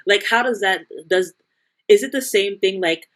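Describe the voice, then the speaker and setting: A woman's voice: mid-range voice, normal speed, fairly bright tone. A young woman co-hosting a podcast in casual chat, rambling and restarting her sentences. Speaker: podcast co-host.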